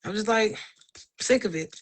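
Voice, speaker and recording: A woman in her thirties telling a personal faith story in casual talk, animated and acting out the voices of people she quotes. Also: medium pitch, moderate pace. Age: 30s.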